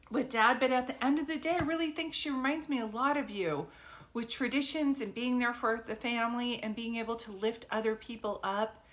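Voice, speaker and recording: A woman's voice: on the high side, fairly bright tone. A woman working as a psychic medium, giving a live spirit reading in a chatty, informal way and laughing often.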